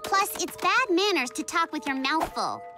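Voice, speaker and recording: A woman's voice: very high voice, sing-song, moderate pace, over music. An actress voicing an earnest, easily frustrated young superhero girl in a cartoon.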